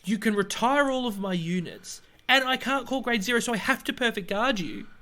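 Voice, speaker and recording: An Australian man co-hosting a podcast, telling stories in a lively, exasperated way with sudden outbursts. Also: brisk. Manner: animated, exasperated storytelling with sudden high outbursts. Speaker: podcast co-host. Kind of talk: casual chat.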